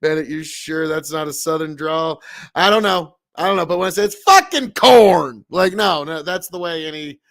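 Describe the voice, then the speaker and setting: He's a Nebraska streamer with a rural American accent, talking a little fast in a high voice that barely moves in pitch. His casual broadcast is blunt and full of swearing, punctuated by loud outbursts of outrage.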